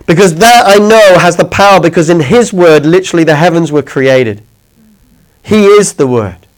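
Brief: male preacher, chatty sermon, slightly high voice, keeps asking "okay?". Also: lively intonation, normal speed, poor audio. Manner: conversational, checks in with listeners often.

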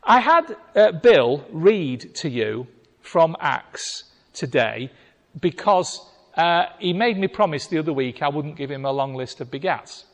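Man, sermon, high voice, very lively, acts out voices, long hall reverb. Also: a little slow. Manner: animated storytelling, acting out voices. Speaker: preacher.

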